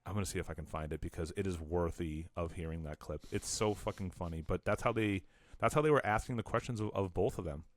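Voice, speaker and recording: A man's voice: sits low, fast, dry recording. Profane, ranting man on a podcast. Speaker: podcast co-host. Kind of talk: casual chat.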